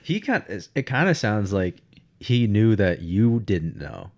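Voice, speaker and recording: A man with a fairly low voice chats casually on a podcast. He mostly reacts and adds short comments to a friend's story. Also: big pitch swings, a little slow. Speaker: podcast co-host.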